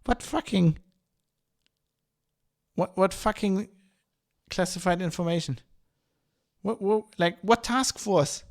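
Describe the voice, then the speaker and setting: High-voiced man in a profane rant. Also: slow pace, creaky, pauses often. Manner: profane, exasperated, many restarts and "like" fillers. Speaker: podcast host. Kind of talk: ranting podcast monologue.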